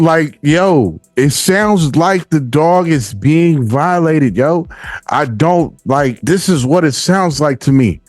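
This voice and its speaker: A man hosting a podcast, talking casually in slangy, profane language and reacting with animated bursts. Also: mid-range voice, no echo. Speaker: podcast host. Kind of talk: casual commentary.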